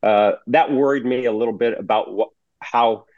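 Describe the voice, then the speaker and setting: A man in his sixties answers interview questions in a measured, plainspoken way. He pauses often and fills gaps with fillers. His voice sits at a middle pitch on a dry, slightly muffled recording. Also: no echo. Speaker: guest, retired federal agent. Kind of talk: conversational interview.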